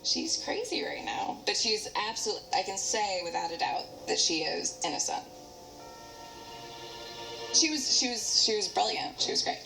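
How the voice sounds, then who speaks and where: A woman's voice: medium pitch, moderate pace, creaky, long pauses, sharp tone, faint music behind, rough recording. A drunk woman telling a history story in a rambling way, correcting herself and jumping into voices for the people in it.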